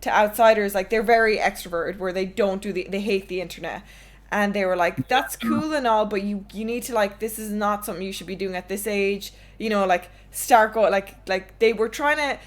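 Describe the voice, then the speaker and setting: Talking fairly quickly in a mid-range voice, this twenty-something streamer and podcast host tells stories with laughs, swearing and speaking candidly in a casual chat.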